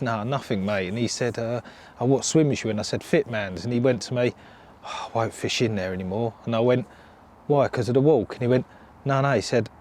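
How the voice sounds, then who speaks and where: An angler spins a creepy tale from his time on the bank, speaking at an average pitch. He chats casually and slips into the voices of the people he quotes as he goes. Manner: animated storyteller, acts out quoted voices. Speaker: carp angler telling a story. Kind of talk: casual anecdote. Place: outdoors by a lake.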